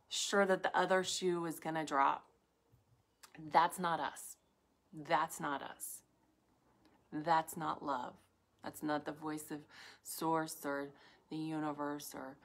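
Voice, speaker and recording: A woman speaking to viewers in a live talk about inner calm, in soft, reflective phrases full of "like" and pauses, sometimes dropping to a whisper. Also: lowish voice. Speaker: wellness speaker.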